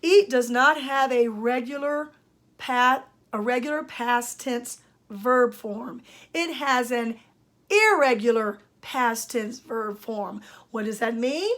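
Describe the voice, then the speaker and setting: An older woman, a speech-language pathologist, giving a grammar lesson at a whiteboard and speaking slowly and with emphasis. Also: on the high side, a bit bright. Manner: slow, emphatic teacher talk. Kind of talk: grammar lesson for parents and students.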